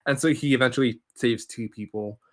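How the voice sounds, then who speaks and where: A man's voice: mid-range voice, a little fast. Rambling male podcast host recapping films. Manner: rambling, animated retelling with casual swearing. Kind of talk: casual film plot recap.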